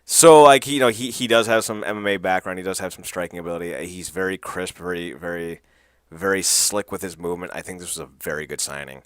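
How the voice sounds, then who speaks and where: A man's voice: deep voice, a little fast, clean tone, no room sound, clean studio sound. A man hosting a podcast, recapping wrestling in a loose, profane way with lots of fillers and laughs. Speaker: podcast host.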